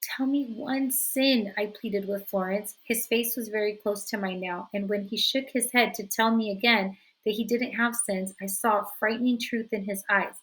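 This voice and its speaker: A woman teacher reading a novel aloud in a steady narrating voice. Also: medium pitch, moderate pace, few pauses, low-quality recording.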